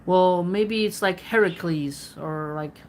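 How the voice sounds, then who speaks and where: A woman's voice: lowish voice, slow pace, darkish tone, a little hiss or hum, rough recording. A woman hosting a philosophy channel, reading a classic text aloud and breaking off into chatty, playful asides.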